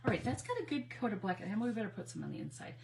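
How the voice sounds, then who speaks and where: A woman's voice: medium pitch, big pitch swings, rapid-fire, creaky, darkish tone, a little hiss or hum, rough recording. A woman hosting a live crafting stream, chatting in a rambling way, greeting viewers by name and laughing often. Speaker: crafting livestream host. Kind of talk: casual chat while crafting live.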